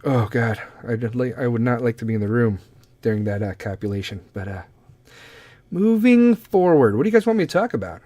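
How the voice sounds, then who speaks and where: Male podcast host, casual rambling monologue, profane, bouncy pitch, dry sound. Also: animated, brisk, dark tone, dry recording.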